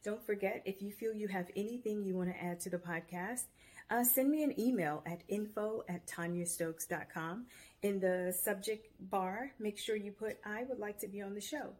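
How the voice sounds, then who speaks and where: Her voice is medium in pitch with a darkish tone, moving at a normal speed. She's a podcast host filming at home with a camera mic, chatting casually and handing out upbeat, motivating self-help advice.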